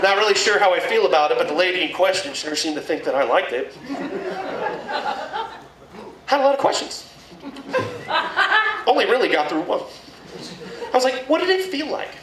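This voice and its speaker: A man performing a crude, animated stand-up comedy set in a packed club. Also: high voice, brisk, pauses often, recorded from a distance, noisy background. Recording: echoey room mic'd from afar, loud crowd laughter.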